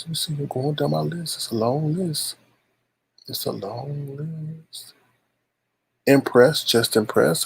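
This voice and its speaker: Husky gravelly guy hosting a live stream, chatty and loose, shouting out viewers. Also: mid-range voice. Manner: loose and chatty, drawn-out greetings. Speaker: live show host. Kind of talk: casual chat greeting viewers.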